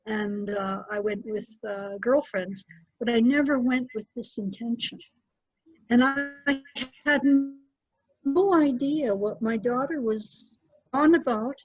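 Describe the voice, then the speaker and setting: A middle-aged woman, a storyteller, recounting a personal story with animated delivery. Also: sits high, husky, dry recording. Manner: animated, lively retelling with acted-out quotes. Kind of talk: personal storytelling to a small group. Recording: dull, muffled dry recording.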